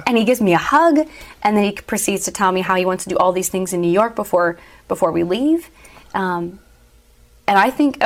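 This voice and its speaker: A woman's voice: medium pitch, fairly quick. Earnest woman telling a personal story. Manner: earnest, emotional storytelling with soft laughs. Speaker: guest. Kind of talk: personal testimony in an interview.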